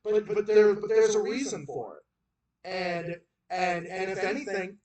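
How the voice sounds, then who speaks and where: A man with a Boston accent rants through a livestream in a fairly high voice, piling on emphatic repeats and false starts. He sits some way from the mic, so the room's echo rings around his words. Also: a little slow, a little mellow. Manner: heated, repetitive, emphatic ranting with many restarts. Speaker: livestream host. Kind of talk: political rant on a livestream. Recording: roomy echo, far from the mic.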